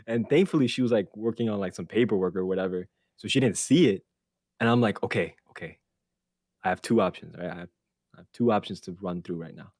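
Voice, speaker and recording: Man, podcast host, casual storytelling, animated, profane, lowish voice, dry sound. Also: fast, dry recording. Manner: animated, profane, laughs through his story.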